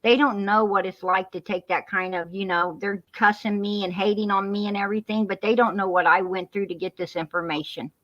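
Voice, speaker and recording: A woman's voice: medium pitch, steady tone, fairly quick, hardly any pauses, a bit bright. A woman speaking on a heated live stream, preachy and repetitive, calling people hon and sweetheart. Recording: muffled lo-fi live-stream audio.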